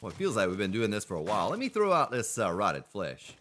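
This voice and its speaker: A man's voice: on the low side, wildly swooping pitch, quick pace, a bit bright, a little hiss or hum. A man streaming a survival game, chatting casually with viewers and greeting them by name. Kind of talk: casual gameplay commentary.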